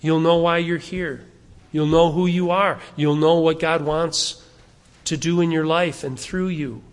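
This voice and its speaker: A fairly high-voiced male pastor preaches in a reverberant church hall, his voice carrying with a long tail of echo. He talks earnestly and conversationally, acting out the arguments people raise. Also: fairly even intonation. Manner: softens and slows into prayer at the close. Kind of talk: sermon.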